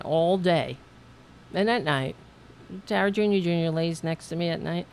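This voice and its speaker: A woman's voice: on the low side, slow pace, long pauses, noisy background. Chatty woman hosting a live stream. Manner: chatty, animated, laughs often, trails off and restarts. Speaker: political show host. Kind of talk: casual live-stream talk.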